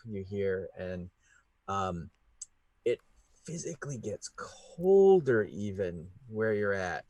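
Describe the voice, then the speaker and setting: A man narrating a tabletop game as game master, halting and full of restarts. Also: lowish voice, big pitch swings, a little mellow, no echo.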